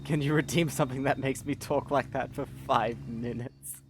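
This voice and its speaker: A man's voice: medium pitch, steady tone, normal speed, slight background noise. A man chatting casually on a live stream, reading out viewer messages with wry remarks.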